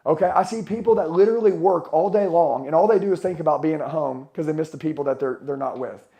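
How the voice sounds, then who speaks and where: He talks fast in a slightly high, creaky voice with a dark tone. A middle-aged motivational speaker, he curses bluntly and gets fired up before a live conference crowd, peppering them with questions.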